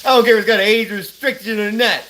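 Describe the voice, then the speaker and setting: This man talks fast in a high-pitched, pushed and bright voice, with a little hiss or hum on the recording. He's cooking at home and chatting loosely on a phone livestream, drawling, rambling and laughing often while food sizzles and fries.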